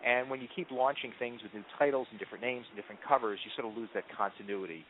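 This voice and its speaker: A man's voice: medium pitch, rapid-fire, slight background noise. Man telling stories down a phone line. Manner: animated storyteller, frequent ums and restarts. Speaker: marketing executive guest. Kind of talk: conversational interview answers. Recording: tinny phone-line audio.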